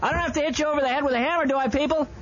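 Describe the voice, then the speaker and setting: A man hosting a late-night radio talk show, doing a rambling, mock-ranting comic ad read with sudden loud outbursts. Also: very high voice, steady tone, very fast. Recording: slightly dull AM radio broadcast with faint hiss.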